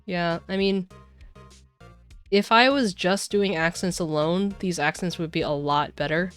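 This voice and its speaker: A woman's voice: lowish voice, a little slow, smooth, soft background music. A woman streamer chatting casually and rambling while she plays a game. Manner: chatty, rambling, many fillers.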